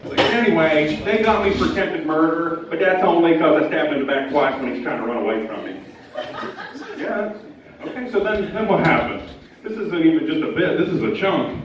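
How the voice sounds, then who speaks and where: High-voiced male stand-up comic. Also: slight background noise. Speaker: stand-up comedian. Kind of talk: stand-up set. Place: live comedy club. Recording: echoey club from far off, dull.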